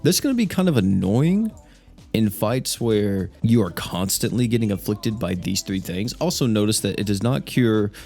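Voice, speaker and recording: Low-voiced young man reacting to a game. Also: moderate pace, vocal fry, soft background music. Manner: animated, laughs often, thinks aloud. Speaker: gaming YouTuber. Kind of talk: casual gameplay commentary.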